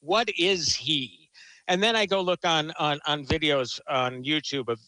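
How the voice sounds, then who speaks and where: A man's voice: on the high side, moderate pace, bright, forceful tone, clean tone, no echo, rough recording. A man talking casually about a film, enthusiastic and rambling, often restarting his sentences. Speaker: film critic guest. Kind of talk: casual chat.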